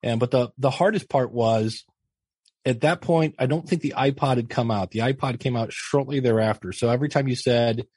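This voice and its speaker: A husky middle-aged man recounts his early days on a podcast, chatty and self-mocking. He slips into animated voices for the people he quotes. The sound is dry and close. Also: medium pitch, moderate pace, no echo. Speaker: podcast guest and teacher. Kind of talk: casual storytelling interview.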